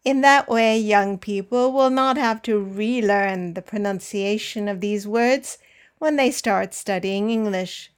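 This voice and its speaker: A woman hosting an English pronunciation podcast, speaking with clear, careful enunciation and leading listen-and-repeat drills. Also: mid-range voice, a little slow. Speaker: English teacher and podcast host. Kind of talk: slow, deliberate pronunciation lesson.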